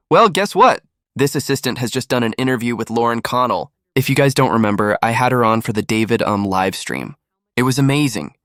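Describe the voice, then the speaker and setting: A man hosting a commentary channel, talking in a mocking, animated way and acting out quotes. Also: mid-range voice, dry recording, clean studio sound. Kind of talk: reactive commentary.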